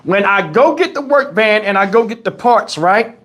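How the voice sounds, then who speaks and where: A man's voice: high voice, normal speed. A man hosting a livestream, telling a story in casual, profane chat and acting out the dialogue as he goes. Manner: animated, profane, acts out quoted dialogue. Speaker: livestream host. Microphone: wireless lavalier.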